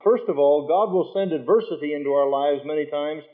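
A man's voice: fairly high pitch, fairly quick. A man preaching a sermon in a folksy way, quizzing his congregation and quoting scripture in old wording. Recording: tinny lo-fi phone-like sound.

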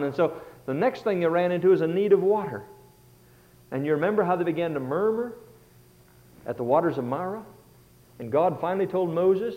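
A man preaching a sermon as a pastor, swinging between loud passages and hushed ones. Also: high-pitched, expressive, a little fast, pauses often. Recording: tinny phone-like sound.

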